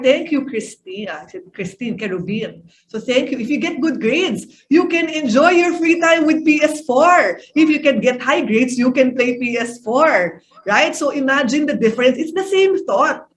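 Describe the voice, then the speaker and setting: A woman's voice: sits high, lively intonation, moderate pace. A middle-aged woman gives an online parenting talk over a video call, coaching parents and asking them questions. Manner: coaching, asks the audience questions. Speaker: parenting speaker and executive coach.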